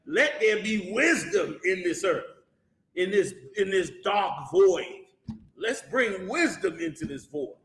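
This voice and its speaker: A man teaching a Bible class in a preaching style. He is animated, uses colloquial slang and keeps firing rhetorical questions at the class. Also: high voice, takes it slowly. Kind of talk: preaching-style scripture lesson. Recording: echoey room.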